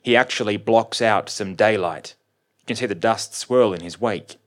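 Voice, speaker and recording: Man reading a story, measured. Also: on the low side. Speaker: reader. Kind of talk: scripted first-person story narration.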